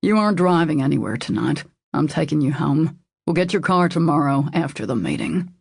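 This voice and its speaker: A woman reading the lines of a stern, protective man who barks sharp commands. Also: low voice, animated, fairly quick, gravelly, husky, no room sound, clean studio sound, exaggerated voice. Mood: commanding.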